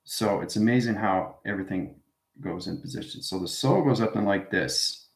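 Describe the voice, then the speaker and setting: A man with a fairly low voice gives a loose, rambling spiritual class and keeps checking in with "right?" and "okay?". The recording picks up a roomy echo around him. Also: moderate pace. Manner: rambling, tags statements with "right?". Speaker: spiritual teacher. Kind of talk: informal spiritual class talk. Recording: roomy echoey room.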